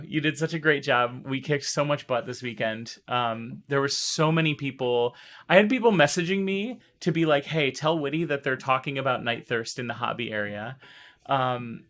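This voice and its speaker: A man chatting casually on a live stream, excitable and emotional, rambling and restarting, his voice still strained from recovering. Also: medium pitch.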